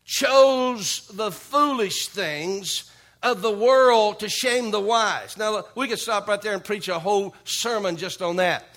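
Emphatic high-voiced male preacher. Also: sharp tone. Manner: punctuates with repeated "okay?", calls for amens; reads scripture slowly, emphatic preaching. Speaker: pastor. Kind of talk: sermon.

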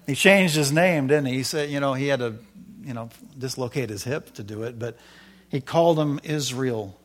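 A middle-aged man preaching through his own testimony, with the easy rhythm of storytelling. He gets louder and brighter when excited, then drops to near-whispers for quoted asides. The pitch sits in a middling range. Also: normal speed. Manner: animated storytelling, rising loud when excited, dropping low for quoted asides. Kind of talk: sermon with personal testimony.

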